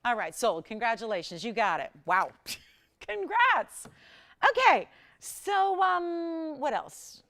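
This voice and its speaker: A woman hosting a live shopping channel, chatty and animated as she pitches jewelry and prices. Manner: animated, chatty, sells with rapid price talk. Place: television studio.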